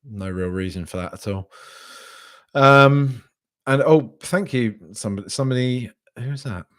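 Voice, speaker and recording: Male podcast host, mid-pitched, casual live-stream chatter, hesitant with frequent restarts. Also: a little slow, fairly bright tone. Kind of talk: live reaction stream, reading chat.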